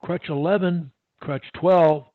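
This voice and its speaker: A man's voice: fairly high pitch, steady tone, takes it slowly, no echo. A man coaching a stutterer one-on-one over a call, upbeat and repetitive, giving pep-talk instructions. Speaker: speech coach. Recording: tinny phone-like line.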